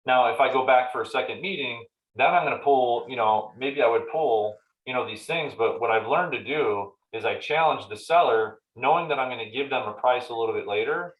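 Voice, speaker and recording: A man's voice: mid-range voice, moderate pace. Man giving a casual real estate training talk. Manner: conversational, acts out client dialogues in animated voices. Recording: roomy echoey meeting room.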